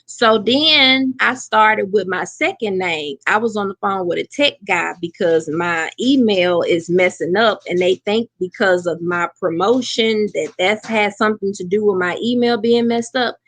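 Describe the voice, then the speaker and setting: A woman co-hosting a casual chat, telling stories in an animated way with lots of exclamations. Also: medium pitch, a little slow, few pauses, dry recording. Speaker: co-host.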